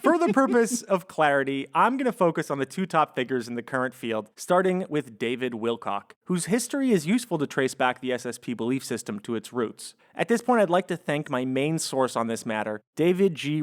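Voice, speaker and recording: A man's voice: medium pitch, very animated, a little fast, hardly any pauses. Wry man presenting from a script. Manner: wry, sarcastic asides while presenting research. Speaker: podcast host. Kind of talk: reading a prepared script mixed with casual chat.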